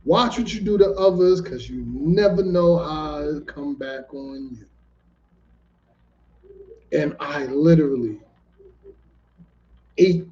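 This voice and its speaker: A man hosting a casual show, telling a story in an animated, profane way and repeating himself for emphasis. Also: on the high side, slow pace, long pauses. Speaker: host. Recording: dull lo-fi recording.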